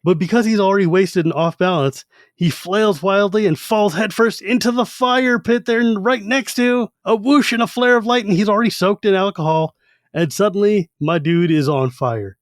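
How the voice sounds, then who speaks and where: A man co-hosts a podcast, retelling a novel's chapters with animation and jumping into the characters' voices. His voice sits slightly high and is recorded close and dry, with no room sound. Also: normal speed, dry recording. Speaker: podcast co-host. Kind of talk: casual chat.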